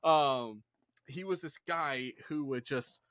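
A man's voice: on the high side, slow, fairly bright tone, dry recording, studio quality. A man hosting a podcast in casual chat, rambling and apologizing for his rants. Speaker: podcast host.

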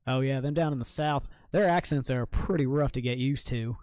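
Young male streamer, jokey and profane, mid-pitched, dry close sound. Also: moderate pace, a little mellow, no echo. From Maine, United States. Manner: joking, swears freely, reacts to chat. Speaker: game streamer. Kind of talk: casual live-stream chat while gaming.

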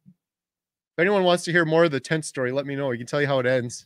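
A man in his forties hosting a casual livestream with his wife, telling stories in an animated way. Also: fairly high pitch, fast talker, smooth, dry recording, clean studio sound. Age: 40s. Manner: animated storytelling, talks over his wife. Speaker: host.

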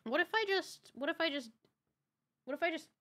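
A woman's voice: very high voice, expressive, fairly quick, fairly bright tone. A young woman livestreaming a game, chatting casually, exclaiming and repeating herself, swearing when things break, and greeting chatters by name. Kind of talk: casual live-stream chat while gaming.

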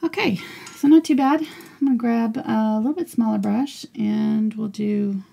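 A woman leads a live painting tutorial in a breathy, soft voice with deep vocal fry. Her tone is dark and mellow, and she often mumbles as though talking to herself. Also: measured pace. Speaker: painting instructor.

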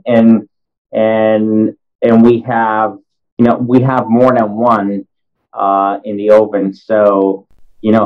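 A man, an actor guest talking in a podcast interview, earnest and hesitant. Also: lowish voice. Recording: dull lo-fi remote audio.

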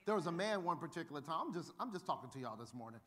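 This pastor's voice is a little high, and he races through his sermon. Funny stories carry it along, with him animatedly acting out each quoted voice.

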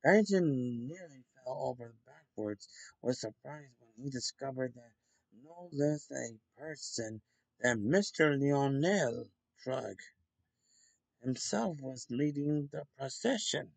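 A man reading a children's story aloud in a slow, deliberate way with occasional slips. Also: medium pitch, lively intonation, vocal fry, no echo. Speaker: storybook reader.

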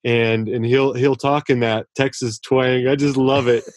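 An earnest man talking as a podcast guest at a mid-range pitch. He is effusive and warm in his praise and often restarts sentences as his thoughts run ahead. The recording is close and dry, with no room sound. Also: steady tone, unhurried, no room sound. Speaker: author guest. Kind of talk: casual podcast interview.

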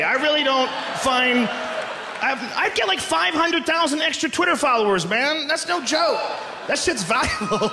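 A man doing a profane, ranting live stand-up set on a theater stage with a handheld mic. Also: very high-pitched. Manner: loud, ranting, profane delivery. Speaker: stand-up comedian. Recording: echoey live theater with crowd noise.

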